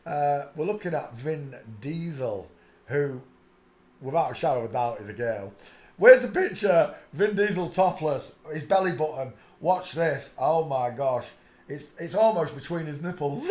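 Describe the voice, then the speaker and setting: Hosting a comedic live stream, a man with a somewhat high, expressive voice pokes fun at photos on his screen at a moderate pace. He keeps dissolving into giggles as he mocks them.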